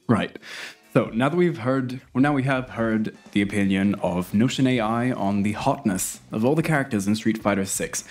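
A man hosting a YouTube video in casual commentary, rambling and animated, with restarts and chuckles. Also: medium pitch. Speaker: YouTube host.

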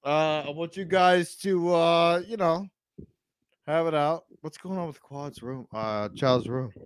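A man's voice: a little high, measured pace, smooth, no echo, studio quality. A man hosting a call-in stream, drunk and crude, egging his callers on. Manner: loud, crude, drunken banter. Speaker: show host. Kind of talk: rowdy live call-in stream.

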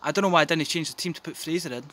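A young man giving excitable, sweary, jokey commentary on his football game from his back garden, breaking into yells. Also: a little high, very fast. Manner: sweary, jokey, bursts into yelling. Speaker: gaming commentator.

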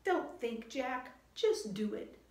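A woman voicing an excited, bold and friendly young girl in a storybook reading. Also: slow, full character voice. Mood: coaxing. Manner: eager, high and bright. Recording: roomy echo.

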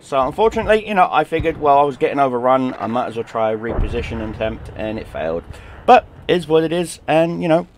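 Man, gaming commentary, rambling and chatty, mid-pitched voice, faint background hiss. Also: sing-song, fast. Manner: rambling, chatty, full of "you know" and "like". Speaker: gaming YouTuber. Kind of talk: casual gameplay commentary.

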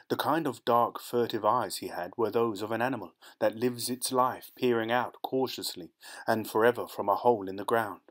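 Male audiobook narrator, low voice, measured storytelling delivery. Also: fairly bright tone.

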